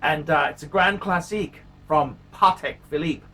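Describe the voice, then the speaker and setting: A man's voice: a little high, moderate pace, bright, forceful tone. A man hosting his own watch-review vlog, talking casually and emphatically, repeating himself and mixing crude jokes with pleading asides. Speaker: watch reviewer, channel host. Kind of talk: casual unscripted vlog monologue.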